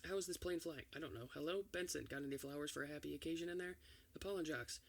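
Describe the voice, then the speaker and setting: A man reading an entire film script aloud for ASMR, doing every part in one steady voice. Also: fairly high pitch, fast, creaky. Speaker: ASMR reader.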